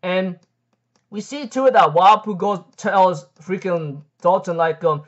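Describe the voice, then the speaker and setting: A man's voice: high-pitched, a little slow, dull audio. A man giving a casual, rambling recap of a manga chapter, full of "like, um" fillers and casual swearing. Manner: rambling, heavy on "like, um" fillers and "freaking".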